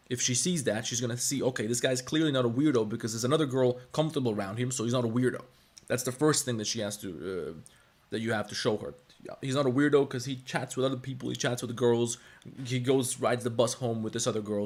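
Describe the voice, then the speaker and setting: Blunt, profane man streaming live. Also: medium pitch. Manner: lecturing, giving advice. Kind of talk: casual live-stream chat.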